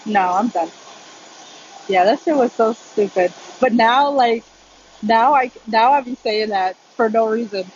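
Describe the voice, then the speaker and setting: Woman live streamer, casual chatty storyteller, slightly high voice; lo-fi phone audio in a noisy gym. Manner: chatty storytelling, quick laughs, lots of "like". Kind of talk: casual chat.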